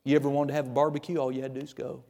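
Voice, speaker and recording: A gentle, patient father, as a preacher speaks for him. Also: mid-range voice, flat delivery, rapid-fire, gravelly, voice pushed down, lightly acted. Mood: tender. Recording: reverberant hall.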